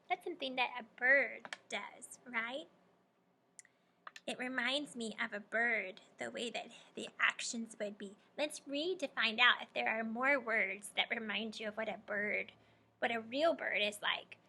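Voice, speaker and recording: A young adult woman teacher leading a guided reading lesson for young children, asking questions and warmly praising answers. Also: fairly high pitch, unhurried, creaky. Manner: encouraging, prompting and praising students.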